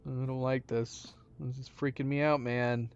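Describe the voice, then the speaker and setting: A man playing a puzzle game and commenting as he goes, mumbling to himself and then breaking into loud surprised outbursts. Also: medium pitch, clean tone. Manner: excitable, quick swings between mumbling and loud exclaims. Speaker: gaming channel host. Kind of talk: let's play commentary. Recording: dull lo-fi sound.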